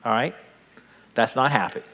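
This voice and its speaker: An older man preaching a sermon, telling stories with big swings between loud bursts and hushed asides. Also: mid-range voice, normal speed. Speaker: pastor. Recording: long hall reverb.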